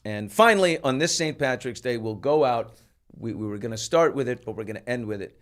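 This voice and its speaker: Animated male talk show host. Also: mid-range voice, brisk. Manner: animated, self-mocking, acts out quotes. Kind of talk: casual storytelling on a talk show.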